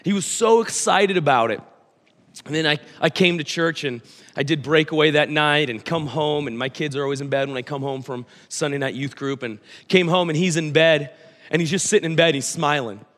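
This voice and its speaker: A man's voice: fairly high pitch, fairly quick, fairly bright tone. A man in his thirties preaching a sermon, telling a story animatedly and acting out his son's lines. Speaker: pastor. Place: church hall. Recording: church hall with long reverb.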